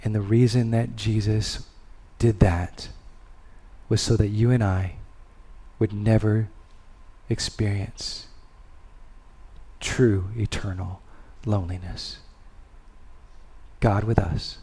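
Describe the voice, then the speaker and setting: A man preaching a sermon and leading a prayer, speaking with long pauses and letting phrases fall soft and low. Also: steady tone, slightly rough. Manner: slow, deliberate delivery with long pauses and soft endings; rises in intensity on key words, then drops low. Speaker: pastor.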